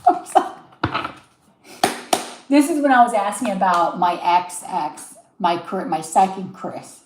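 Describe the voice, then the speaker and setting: A woman's voice: medium pitch, slow, long pauses, echoey room, a little hiss or hum, low-quality recording. A woman livestreaming as a tarot reader, telling a story casually with a stuffy, sniffly nose and acting out the quotes. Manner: chatty, animated, laughs often, acts out quotes.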